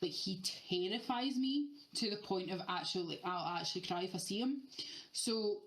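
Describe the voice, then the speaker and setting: Woman, thirties, podcast co-host, animated storyteller, swears a lot, mid pitch. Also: moderate pace, low-quality recording. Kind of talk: casual chat.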